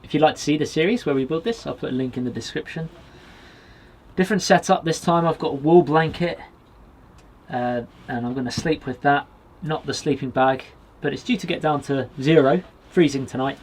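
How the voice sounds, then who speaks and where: A man from Britain vlogging from a small wood cabin with a stove, chatting in a relaxed way and talking straight to his viewers. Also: on the high side, a little fast. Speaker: outdoors vlogger. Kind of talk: casual vlog to camera.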